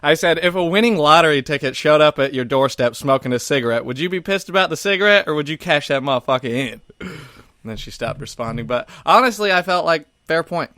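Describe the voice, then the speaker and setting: Comedy podcast co-host, a man with a bright, forceful voice pitched a bit high, rambling and swearing freely. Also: animated, fast, no echo, clean studio sound. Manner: rambling, profane, laughs often. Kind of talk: casual comedy podcast chat.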